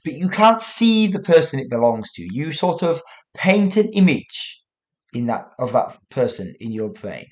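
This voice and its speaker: A man hosting an English-learning podcast, speaking slowly and deliberately so listeners can follow. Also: on the high side. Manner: deliberate, with long pauses. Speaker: podcast host and English teacher. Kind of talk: slow, clear podcast talk for learners.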